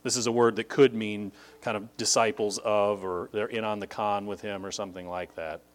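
A man teaching a Bible passage, talking conversationally with frequent "like", and leaping high in pitch to stress key words. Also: flat delivery, moderate pace.

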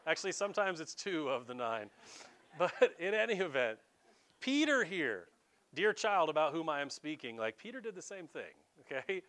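Animated folksy pastor man. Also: fairly high pitch, normal speed. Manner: folksy, animated preaching with jokes and asides. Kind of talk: sermon.

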